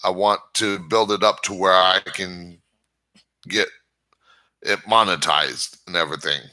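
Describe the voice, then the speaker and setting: A man's voice: low voice, steady tone, unhurried, bright, forceful tone. A man hosting his own channel, giving a rambling casual monologue and often stammering over restarts. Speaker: channel host.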